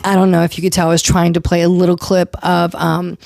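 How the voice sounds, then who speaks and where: A woman hosting a casual recap show, chatty and animated, acting out quotes from the people she talks about. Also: fairly low pitch, fast talker, gravelly, no room sound, studio quality. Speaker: podcast host recapping reality TV.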